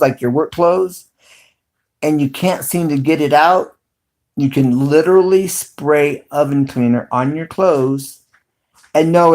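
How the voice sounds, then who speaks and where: A man's voice: mid-range voice, darkish tone. A middle-aged man hosting a casual livestream, rambling and chatty, with frequent ums and restarts. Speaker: video host.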